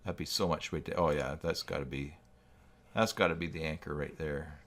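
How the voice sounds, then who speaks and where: A man's voice: rumbling low, steady tone, a little fast, a bit bright. A man hosting a live stream, chatting casually, thinking aloud and reacting to viewers' messages with self-deprecating asides. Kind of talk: casual live-stream chat while working.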